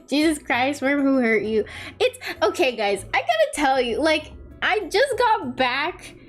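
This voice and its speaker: A young woman streams while drawing, chatting casually over faint background music. Her high, bouncy voice swoops up and down in a sing-song way at a measured pace as she tells rambling stories that poke fun at herself.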